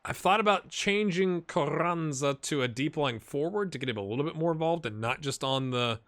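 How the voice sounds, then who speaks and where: A man commentating his own football management game, excitable, going from mumbled asides to shouts at near misses. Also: on the high side, moderate pace. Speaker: gaming YouTuber. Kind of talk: let's-play commentary.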